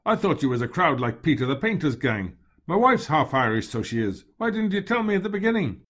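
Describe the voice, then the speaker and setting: A man's voice: on the high side, sing-song, a little fast, a bit bright, voice pushed up. A man putting on a brash cabbie. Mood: jovial. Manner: cheery, slangy, brash. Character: cheeky male London cab driver, cocky then jovial.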